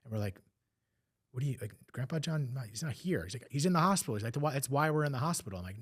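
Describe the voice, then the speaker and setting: Fast-talking man recounting family story. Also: mid-range voice, lively intonation, slightly rough. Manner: fast, emotional retelling with acted quotes. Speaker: podcast guest. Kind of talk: personal storytelling.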